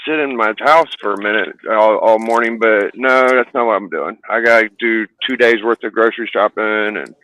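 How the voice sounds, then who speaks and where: A man's voice: lowish voice, moderate pace, hardly any pauses, bright, forceful tone, low-quality recording. A man chatting casually in a podcast, laid-back and plain-spoken. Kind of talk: casual chat.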